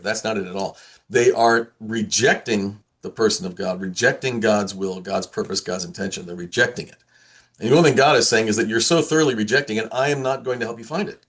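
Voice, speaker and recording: A priest leads an informal Bible study in a conversational style, talking fast in a lowish voice. He often restarts and repeats words, and now and then acts out the voices he quotes.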